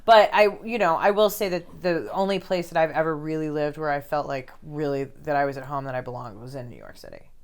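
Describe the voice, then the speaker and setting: A middle-aged woman, a comedy club owner, chatting casually as a podcast guest with quick asides and casual swearing. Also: low-pitched. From grew up moving around as an army kid.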